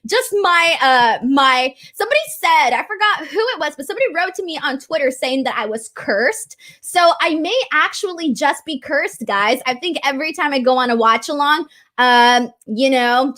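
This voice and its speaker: A woman's voice: high-pitched, pushed and bright. A woman hosting a live stream, talking casually and earnestly, with lots of fillers. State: voice cracking with emotion. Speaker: wrestling show host.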